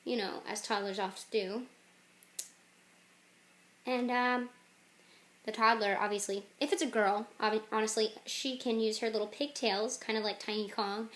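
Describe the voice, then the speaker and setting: A woman casually pitching a game idea, rambling with jokey asides. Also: fairly even intonation, normal speed, pauses often, fairly bright tone. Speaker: channel host.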